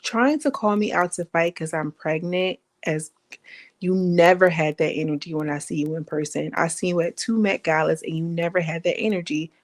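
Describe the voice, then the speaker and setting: A woman with a fairly low voice talks through a casual gossip vlog. She is animated and emphatic, with slangy, blunt remarks. Her delivery feels like chatting straight with her viewers. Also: normal speed. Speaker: online commentator.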